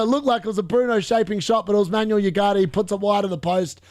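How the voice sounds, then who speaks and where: A young man commentating live on football matches for a fantasy football stream, chatting along and bursting into shouts at near misses. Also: high-pitched, fast talker, hardly any pauses. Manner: chatty, muttering asides between reactions.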